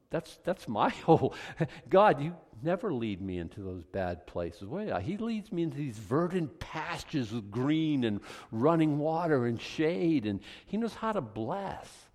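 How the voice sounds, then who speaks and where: A man's voice: fairly high pitch, very animated, normal speed, hardly any pauses, a little mellow, big-room sound. A male pastor teaching a Bible study, fired up and emphatic, with conversational asides to the congregation.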